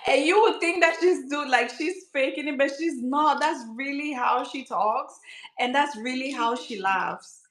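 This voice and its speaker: A woman's voice: high-pitched, a little slow, a bit bright, echoey room, rough recording. A woman hosting a casual skincare channel chat, teasing her friend and laughing often.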